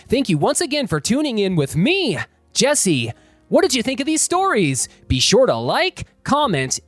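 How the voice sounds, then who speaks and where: Story channel host, scripted sign-off, very lively pitch, faint music behind. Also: no echo. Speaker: host narrating reddit stories.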